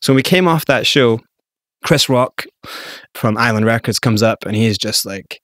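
A man from Scotland with a Scottish accent, telling a lively story as an interview guest and acting out the quotes. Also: medium pitch, moderate pace, dry recording, clean studio sound. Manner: animated storyteller, acts out quotes.

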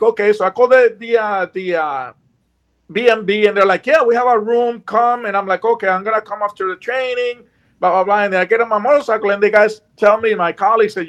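A man telling a personal story in casual chat, animated and acting out what people said. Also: high voice, highs cut off. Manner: animated, acts out quotes.

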